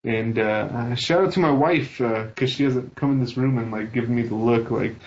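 A man guesting on a podcast, chatting casually and halting often with fillers. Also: medium pitch, a little mellow. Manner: halting, full of uh and um. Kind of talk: casual chat. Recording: dull lo-fi sound.

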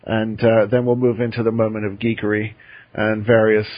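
An easygoing podcast host leads the talk from one segment to the next. His voice is a little husky, and the audio is dull and lo-fi. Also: lowish voice, little pitch movement, normal speed. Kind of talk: casual chat. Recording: dull muffled call audio.

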